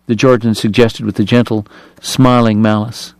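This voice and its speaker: A man hosting a radio book reading, narrating in a measured, expressive way. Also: lowish voice, no room sound. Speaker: radio book reader and host. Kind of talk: dramatic audiobook reading on radio.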